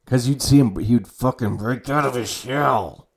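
A man's voice: medium pitch, normal speed, vocal fry, a little mellow, husky. Rambling, foul-mouthed male podcast host. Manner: rambling and heavily profane, with frequent fillers and self-corrections. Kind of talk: casual chat.

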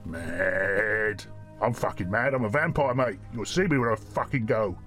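A man voicing a foul-mouthed, impatient male vampire celebrity, gruff and sweary in a comedy sketch. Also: lowish voice, measured pace, fairly bright tone, soft background music, pitched below the performer's own voice. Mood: grumpy.

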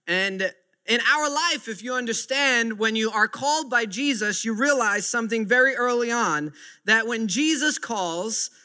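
A man's voice: very high voice, lively intonation, a little slow, bright, forceful tone, clear, resonant tone. A man in his thirties preaching a sermon with earnest, repetitive emphasis. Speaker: pastor.

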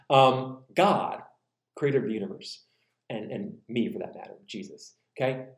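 A man preaching a sermon in an animated way, acting out quoted voices and slowing down for emphasis. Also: medium pitch, roomy sound. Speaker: pastor.

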